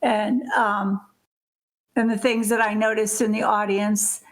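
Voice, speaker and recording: A woman's voice: medium pitch, level tone, measured pace. A woman co-hosting a casual podcast chat, talking hesitantly with many fillers and restarts. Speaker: podcast co-host.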